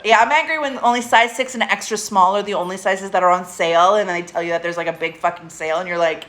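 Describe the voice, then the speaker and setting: A woman's voice: medium pitch, fairly even intonation, quick pace, few pauses, fairly bright tone. Woman, live-stream host, casual and candid, swears freely, laughs often. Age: adult, getting older. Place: at home with a pet.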